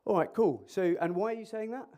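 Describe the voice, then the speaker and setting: Man, emergency clinician, lively conference speaker on a mic, voice a touch high, jokey, interactive. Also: brisk. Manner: animated, jokey, quizzing the audience. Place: conference hall. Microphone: microphone.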